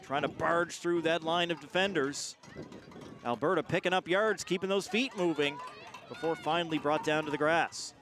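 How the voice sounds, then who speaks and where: Energetic play-by-play man, rugby call. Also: on the high side, normal speed. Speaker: play-by-play commentator. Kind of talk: live sports commentary.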